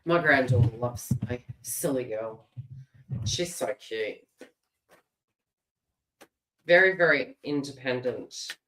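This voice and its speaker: A woman's voice: extremely low pitch, lively intonation, takes it slowly, pauses often, a bit bright, a little hiss or hum. A middle-aged Australian woman giving a live tarot reading and chatting casually, laughing often and restarting her phrases. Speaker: tarot reader. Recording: roomy echo.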